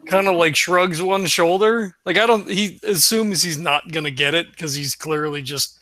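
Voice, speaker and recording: A man's voice: a little high, normal speed, sharp tone, no room sound. A man playing a tabletop role-playing game, talking in a hesitant, stammering way. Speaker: player.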